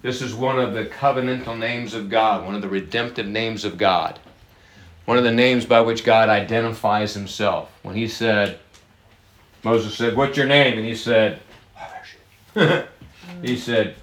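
A man preaching a sermon, lively and chatty with his congregation, slowing down to stress key words and laughing often. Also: fairly low pitch, reverberant, a little hiss or hum. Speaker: pastor.

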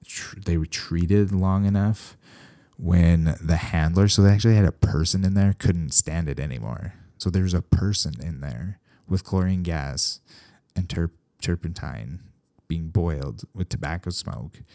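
A man talks in a casual, rambling way, with a voice at the very bottom of the range and a gravelly rasp. His tone is dark and mellow, and the recording is dry. He drops dry, sarcastic asides as he goes. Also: low-pitched, a little slow, no echo. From Canada. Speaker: veterinarian. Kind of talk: casual podcast talk.

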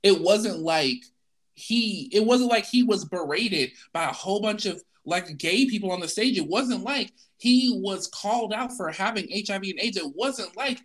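Male co-host, casual opinion talk; blunt, emphatic, repeats lines for punch, very animated pitch. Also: normal speed.

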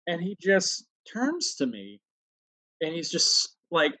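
A man from New York in casual chat, telling stories in an animated way and acting out other people's lines. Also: fairly high pitch, slow pace, no room sound, poor audio. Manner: animated storyteller, acts out voices.

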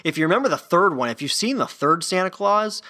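A man's voice: sits high, lively intonation, a little fast, bright, forceful tone. A man hosting a solo sports podcast, rambling loosely with lots of fillers and restarts. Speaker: podcast host.

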